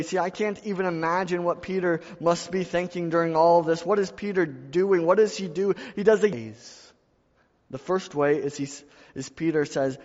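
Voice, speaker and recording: A man's voice: fairly high pitch, normal speed, darkish tone. A male pastor preaching a sermon, repeating phrases and building in intensity. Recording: dull lo-fi sound in a reverberant hall.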